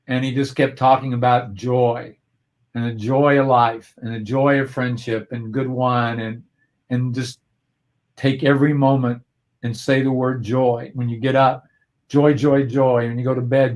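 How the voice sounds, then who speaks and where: A man guest on a video-call interview, telling a personal story in an earnest, reflective way with frequent restarts. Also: mid-range voice.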